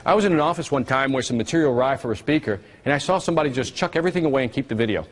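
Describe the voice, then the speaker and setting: Racing along in a mid-range voice, a man runs a live marketing seminar, teasing the crowd with lots of energy and getting them to call back to him.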